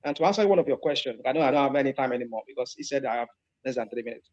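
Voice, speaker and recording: A man's voice: medium pitch, rapid-fire, darkish tone, lo-fi sound. A man with a Nigerian Yoruba accent arguing heatedly in an online debate, repeating himself and slipping into Yoruba. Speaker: debate participant.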